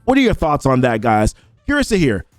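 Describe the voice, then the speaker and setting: A man's voice: medium pitch, wildly swooping pitch, a little fast, no echo. A man with a Jamaican accent runs a laid-back weekly gaming news roundup, full of fillers and chatty asides to his viewers. His mid-range voice sounds close and dry, with faint music underneath. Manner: chatty, filler-heavy, addresses viewers as guys. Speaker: mobile game news host.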